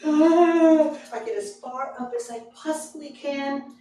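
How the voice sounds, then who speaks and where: A woman storyteller telling a personal tale to a live audience, slow and dramatic with frequent chuckles. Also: high-pitched, dark tone. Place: library event room with live audience. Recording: echoey hall, distant mic, background noise.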